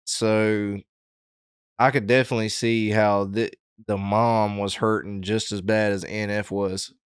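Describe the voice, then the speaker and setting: A man hosting a reaction video, talking casually and thoughtfully, pausing with lots of fillers. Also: lowish voice, level tone, smooth, no room sound, clean studio sound. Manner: thoughtful, halting, with many fillers. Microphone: headset.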